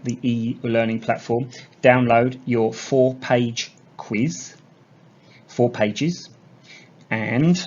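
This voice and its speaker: A male English teacher walks young learners through a lesson in a slow, unhurried voice, spelling things out and repeating key words. His voice sits at an everyday pitch, and the recording has a muffled, lo-fi sound. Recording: dull lo-fi sound.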